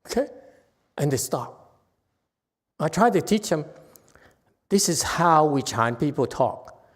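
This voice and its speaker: A man's voice: on the high side, lively intonation, takes it slowly. A man as a Buddhist meditation master giving a conversational dharma lecture, checking in with his listeners often.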